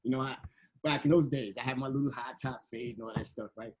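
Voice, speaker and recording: A man telling a playful, animated story to children, slipping into voices as he goes, on a video call. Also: mid-range voice, fast, slight background noise, rough recording. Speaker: guest illustrator and storyteller.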